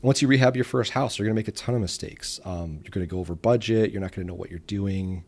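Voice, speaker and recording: A man's voice: on the low side, fast. A man from the Detroit suburbs of Michigan, around forty, telling business stories as a guest in a casual interview, acting out the people he quotes. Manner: animated storyteller who acts out quoted voices. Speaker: guest entrepreneur.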